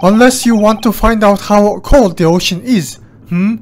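A gamer voicing a stern male ship officer in a fake Russian accent, gruffly accusing a suspect during a let's play. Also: medium pitch, normal speed, a little mellow, slight background noise, natural voice.

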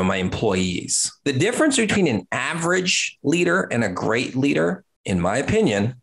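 A man in his thirties, an agency owner, gives business advice at a middle pitch. He is blunt and emphatic, swears casually, and repeats words to drive his points home. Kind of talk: direct-to-camera business talk.

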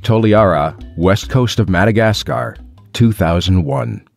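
A man's voice: on the low side, unhurried, creaky, no echo, faint music behind. A man narrating an adventure story in the first person, with a dry, wry storytelling manner. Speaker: audiobook narrator.

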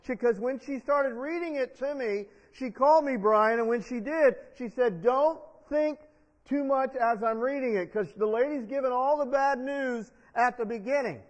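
A man's voice: very high-pitched, normal speed. A male pastor preaching a sermon in church, leading the congregation in call-and-response. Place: church sanctuary. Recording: dull long-reverb church sound.

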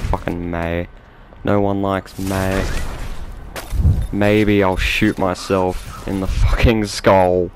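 An Australian man giving live commentary over his own game, swearing and mocking himself with sudden excited outbursts. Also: sits low, measured pace, slight background noise. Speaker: gameplay commentator. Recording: game music loud behind voice.

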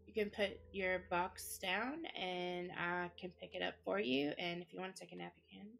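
Patient woman with a gravelly voice. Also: on the low side, normal speed, a bit bright, a little hiss or hum. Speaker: fellow role-player. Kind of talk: in-character role-play. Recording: faint game music behind.

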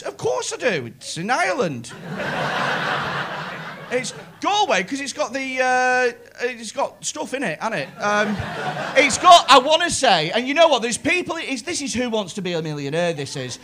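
A man's voice: very high-pitched, sing-song, a little slow, background noise. A male stand-up comedian doing teasing, sweary crowd work from a comedy club stage on a handheld mic. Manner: teasing, sweary, riffing with the audience. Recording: live club with crowd laughter.

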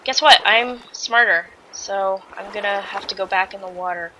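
A woman's voice: mid-range voice, moderate pace, sharp tone, slight background noise, rough recording. A woman doing let's play commentary on a survival game, frantic and swearing, yelping and shrieking. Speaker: gamer playing a survival game.

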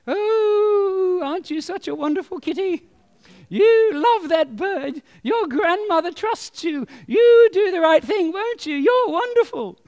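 A preacher voicing a gentle little angel cartoon cat that coaxes in a sing-song way, as a sermon illustration. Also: male voice, very high-pitched, lively intonation, slow, voice pushed up, full character voice. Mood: coaxing.

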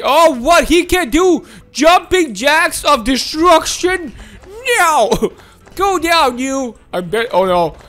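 A woman host giving excitable, exclamatory playthrough commentary on a video game, often giggling. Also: very high-pitched. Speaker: gaming channel host.

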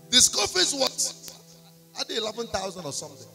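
A man's voice: extremely high pitch, wildly swooping pitch, a little fast, creaky, soft background music. A man with a Nigerian accent preaching a sermon in church, telling a testimony and slipping into pidgin. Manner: storytelling, slipping into pidgin, rising to shouts and singing. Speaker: prophet preaching. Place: church service.

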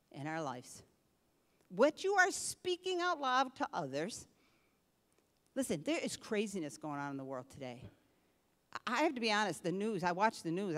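An older woman delivers a lively sermon from the pulpit, her voice dropping to a near hush and then rising with force. The sound carries a long reverb from the church hall around her. Her pitch sits in an ordinary middle range for a woman. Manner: animated preaching, swinging between hushed and forceful. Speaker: pastor. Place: church sanctuary.

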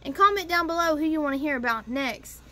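Young woman vlogger with a high voice, chatty and profane, telling a story straight to camera. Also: fast, a bit bright. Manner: chatty, profane, addresses viewers as guys. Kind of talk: casual storytime vlog.

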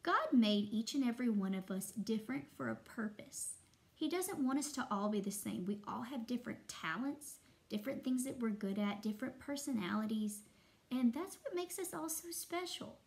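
A young adult woman, a first-grade teacher, reading a story aloud to children expressively with long pauses. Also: fairly high pitch, animated, vocal fry, a little mellow.

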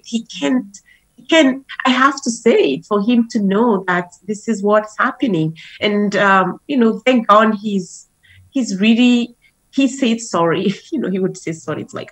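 Husky-voiced woman talking openly. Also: mid-range voice, normal speed, poor audio. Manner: conversational, uses many "you know" fillers. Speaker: guest. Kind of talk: casual talk show conversation.

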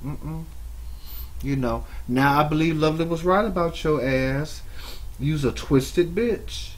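A man giving mocking reaction commentary on another streamer's clip, scolding her with drawn-out asides. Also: a little high. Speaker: YouTube commentator.

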